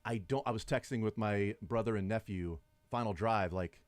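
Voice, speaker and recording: A man's voice: on the low side, moderate pace, no room sound. A middle-aged man hosting sports talk radio, chatting and arguing his points at length. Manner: conversational, argumentative, builds long points.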